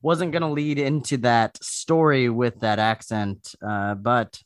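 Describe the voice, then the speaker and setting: A man's voice: medium pitch, steady tone, unhurried, no echo, clean studio sound. A man on a casual news chat panel, joking and rambling with restarts. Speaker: co-host.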